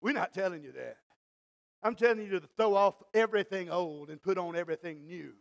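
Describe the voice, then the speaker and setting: High-voiced gravelly pastor with drawl. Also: male voice, a little fast. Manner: swings from quiet asides to shouted exhortation; folksy, acts out Bible scenes in dialogue. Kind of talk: sermon. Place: church.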